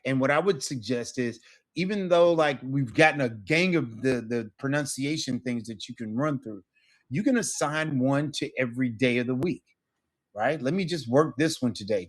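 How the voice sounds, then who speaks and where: Man, teacher, patient explainer, mid-pitched voice, checks in often. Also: moderate pace. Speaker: Spanish teacher. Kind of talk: online class lesson.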